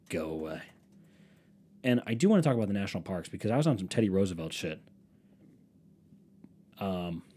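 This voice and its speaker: A man's voice: low voice, dark tone. A young man hosting a solo podcast, rambling casually with lots of swearing and self-mockery. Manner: rambling, profane, self-mocking. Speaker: podcast host.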